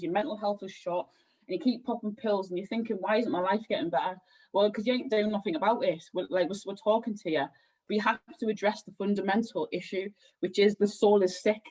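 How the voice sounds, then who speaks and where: Podcast guest: a woman healer with a husky voice, animated and rambling. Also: mid-range voice, brisk, poor audio. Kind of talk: casual podcast conversation.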